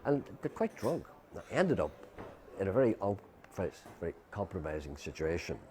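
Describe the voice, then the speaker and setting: A man's voice: low voice, very animated, moderate pace, warm tone, a little hiss or hum. An older man with an Irish accent, a guest telling a long rambling anecdote and acting out what others said, with many fillers. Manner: rambling storyteller who acts out quoted voices, many fillers. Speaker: interview guest. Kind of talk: anecdotal storytelling.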